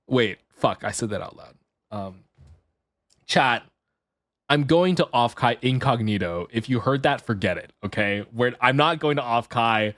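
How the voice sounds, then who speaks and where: A man streaming live, chatting casually and telling a story to his chat, jumping into high excited yelps when he gets worked up. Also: unhurried, no room sound, studio quality. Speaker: VTuber streamer.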